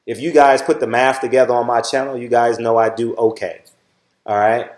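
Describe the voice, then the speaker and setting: The sound is roomy, and the man's medium-pitched voice is flat and darkish at a normal speed. He's a middle-aged channel host with a Southern Californian accent, giving viewers a blunt, profanity-filled lecture in a casual monologue. He asks "all right?" again and again.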